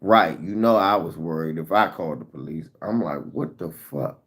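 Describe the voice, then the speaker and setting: Low-voiced man telling a frantic story. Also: fairly quick. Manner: animated storytelling with heavy profanity. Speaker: vlogger. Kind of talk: casual storytime.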